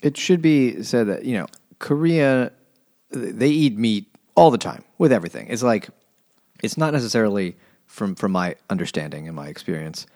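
Deep-voiced man swearing through a casual book chat. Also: expressive, normal speed, darkish tone, no echo, clean studio sound. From United States. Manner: loose, profane, rambling. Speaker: podcast co-host.

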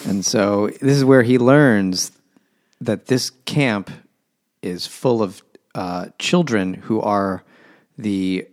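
Male co-host, low pitch, sarcastic rambling storyteller. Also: slow. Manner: sarcastic, rambling plot recap with jokes. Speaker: podcast co-host. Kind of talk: casual book-discussion banter.

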